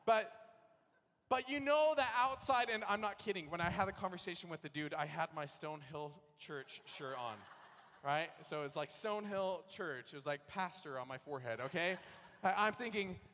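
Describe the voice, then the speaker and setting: A male pastor preaching in a big church sanctuary, his voice pitched a little high for a man. He talks through a personal story in an easygoing, conversational way and now and then acts out his frustration in loud bursts. The sound rings out with a long hall reverb. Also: a little fast, slight background noise. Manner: conversational storytelling, bursts into animated acted-out outrage. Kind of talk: sermon.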